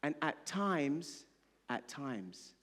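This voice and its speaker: A man's voice: on the high side, sing-song, very slow, a bit bright. Emphatic male pastor in a reverberant church. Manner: emphatic, call-and-response preaching. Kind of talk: sermon. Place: church hall.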